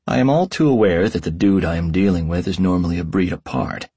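Deep, gravelly hardboiled narrator. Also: male voice, brisk, warm tone, no room sound. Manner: wry, hardboiled storytelling. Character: wisecracking tomcat detective narrating. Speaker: audiobook narrator. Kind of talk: first-person audiobook narration.

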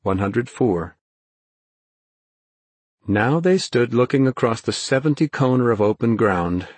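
Male audiobook narrator, husky, low, steady telling, dry booth sound. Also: dry recording. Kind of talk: scripted narration.

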